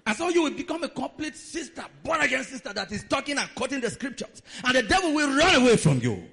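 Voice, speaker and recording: High-voiced, animated preacher. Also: male voice, fast, gravelly. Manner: dramatic, emphatic preaching. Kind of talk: sermon.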